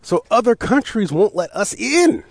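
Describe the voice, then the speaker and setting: With a voice that sits high and a measured pace, recorded with no echo, an American man runs a laid-back talk show and tears into sports. He curses a lot, laughs, starts over, and breaks into lively outbursts in a loose, easygoing way.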